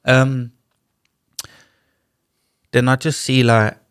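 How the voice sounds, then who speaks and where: A man speaking at a middle pitch, recounting his story to a podcast host in easy street slang. He acts out what others said with lively little shifts of voice. The sound is close and dry, with no room around it. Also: extremely slow, smooth, no echo. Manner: animated, slangy retelling with acted-out dialogue. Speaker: podcast guest. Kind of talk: casual storytelling. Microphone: studio podcast mic.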